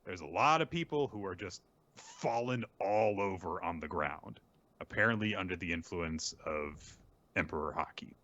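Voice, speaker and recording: A deep-voiced man hosts a casual manga recap, bright and forceful in tone. His recording is dry and a little muffled. He acts out snippets of the characters' dialogue as he retells each scene. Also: animated, normal speed. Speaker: podcast host.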